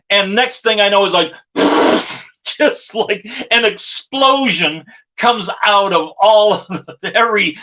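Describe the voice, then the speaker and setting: A man, a former wrestling manager, telling a lively backstage story in an interview and often saying "you know". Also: high-pitched, low-quality recording.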